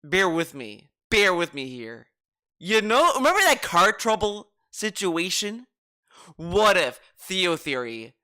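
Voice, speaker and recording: Excitable streamer with a lively, bright voice. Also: male voice, high-pitched, takes it slowly. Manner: excitable, swearing, sarcastic, mutters to himself while searching files. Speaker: streamer reacting to a clip. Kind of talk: casual reaction commentary.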